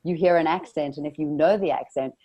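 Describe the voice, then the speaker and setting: A woman with a South African accent, an actress and radio presenter, chats enthusiastically about her life in a casual interview. Her voice is low-pitched and warm, with a steady tone, and she talks rapid-fire.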